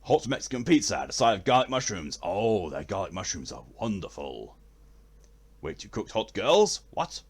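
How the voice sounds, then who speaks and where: A man's voice: lowish voice, sing-song, normal speed, husky. Theatrical man streaming a game. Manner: theatrical, posh-leaning delivery. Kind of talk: casual live game stream chat.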